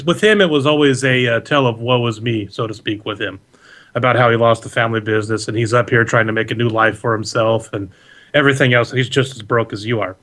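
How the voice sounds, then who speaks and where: A man narrates a tabletop adventure as game master, rambling easily and correcting himself as he goes. His voice sits at an ordinary middle pitch, and he talks over a video call. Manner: relaxed, rambling, with fillers and self-corrections.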